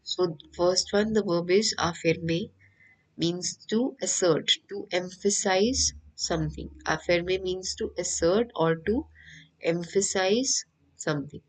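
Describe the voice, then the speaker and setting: Female teacher, Indian English accent, slightly low voice, patient and repetitive classroom delivery. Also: low-quality recording. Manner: patient, repeats each point slowly. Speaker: French teacher. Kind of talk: online class lecture.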